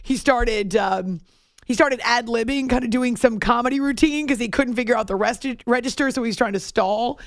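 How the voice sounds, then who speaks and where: A woman's voice: fairly high pitch, normal speed, no echo, clean studio sound. A woman hosting a morning radio show, chatting casually and self-deprecatingly, laughing often.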